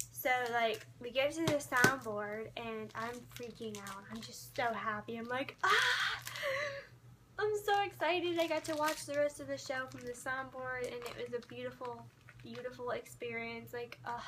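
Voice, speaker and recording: A woman telling a concert story to her camera in an excited, gushing, starstruck way. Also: fairly high pitch, a little hiss or hum.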